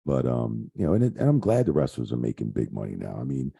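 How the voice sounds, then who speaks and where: Talking fast, this middle-aged man, a retired wrestling referee and interview guest, swings hugely in pitch across a bass register that is creaky, mellow and husky. His casual stories wander, with lots of fillers and plenty of cursing.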